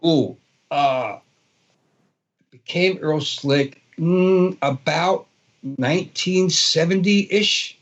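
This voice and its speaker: Older man, Brooklyn accent, rambling storyteller, fairly high voice, dull lo-fi sound. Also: drawn-out words, pauses often. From Brooklyn, New York. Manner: rambling, many fillers and restarts. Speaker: guest guitarist. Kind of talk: casual storytelling interview.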